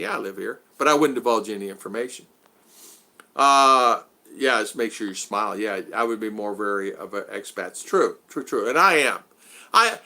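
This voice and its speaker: A man's voice: medium pitch, pushed and bright. A man chatting casually as a vlogger, telling anecdotes, acting out dialogue, and answering viewers' chat. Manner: storytelling, acts out dialogue; reads and answers live chat.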